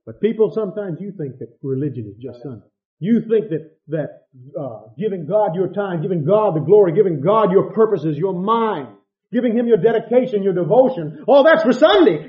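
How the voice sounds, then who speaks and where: A man preaching a sermon with passion, swinging between loud outbursts and hushed asides. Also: sits high. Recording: dull lo-fi sound.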